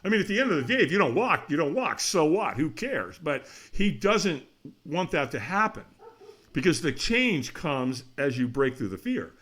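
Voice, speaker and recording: A middle-aged man, a podcast guest, telling a story in a lively way, acting out the voices of the people in it and laughing often. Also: fairly high pitch, normal speed. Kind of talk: animated storytelling.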